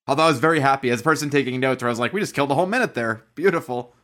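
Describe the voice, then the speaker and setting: A man co-hosting a casual podcast chat, telling animated stories and swearing freely. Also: mid-range voice, rapid-fire. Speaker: podcast co-host.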